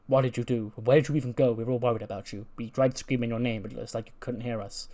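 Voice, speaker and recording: A tired mentor patiently corrects his hapless trainee, sighing through his explanations, as a man voices him. His pitch stays in the middle range. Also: steady tone, fast, warm tone, natural voice. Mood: exasperated. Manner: patient but exasperated.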